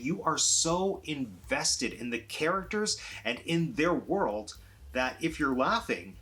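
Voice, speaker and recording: A man's voice: mid-range voice, fairly bright tone. A man talking through a TV series review in a chatty vlog, eager and gushing, with sudden emphatic lifts on the words he loves. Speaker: film and TV reviewer.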